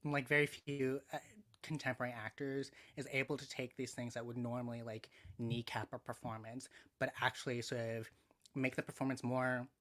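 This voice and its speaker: A man's voice: medium pitch, flat delivery, moderate pace, fairly bright tone. A man in casual podcast talk as a guest writer, thoughtful and hesitant, with many fillers.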